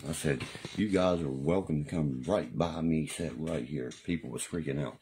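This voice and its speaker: A man's voice: extremely low pitch, normal speed, mellow, slight background noise. A man rambling profanely and boastfully through stories on a live stream. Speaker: livestreamer.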